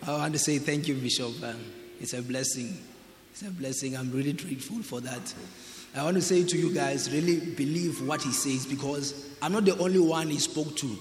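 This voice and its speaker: A man's voice: a little high, moderate pace, slight background noise. A visiting pastor from Ghana, a man, speaking hesitantly with fillers and laughs as he addresses a church. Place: church hall. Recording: roomy church hall, crowd murmur.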